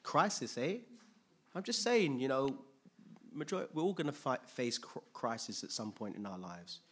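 A man preaching a sermon, retelling a story with lively, jokey slang asides. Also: medium pitch, normal speed, husky.

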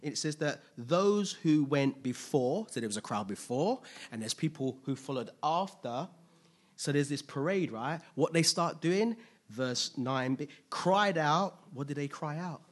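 Man preacher, sermon delivery, slightly high voice, animated with rhetorical questions and loud peaks. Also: measured pace. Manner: casual asides with playful humor.

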